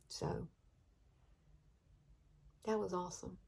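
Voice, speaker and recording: This Alabama-accented beauty vlogger in her fifties talks through her makeup in a chatty get-ready-with-me video, her lowish voice unhurried, slightly rough and touched with vocal fry. Warm and emotional, she comes near tears at times.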